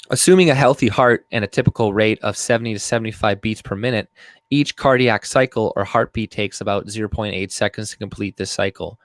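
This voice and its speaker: A man with a fairly low voice talks through news stories in a loose, rambling way. He swears a lot and reads articles aloud between his comments. The recording is dry, with almost no room sound. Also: a little fast, no echo. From Canada. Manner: rambling and profane, with frequent fillers and laughs. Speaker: video commentator. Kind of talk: casual reaction commentary, reading articles aloud.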